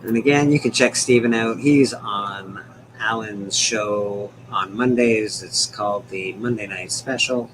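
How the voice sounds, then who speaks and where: A man's voice: fairly low pitch, unhurried, background noise. A man hosting a casual livestream chat from home, rambling, laughing often and swearing now and then. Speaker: livestream host.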